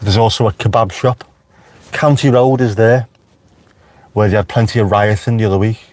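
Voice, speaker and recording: A Liverpool-accented man from Merseyside, England, chats casually on a live stream from inside his car, tossing wry asides to viewers and answering the live chat. His voice is lowish and a little mellow, with fairly even intonation at a normal speed.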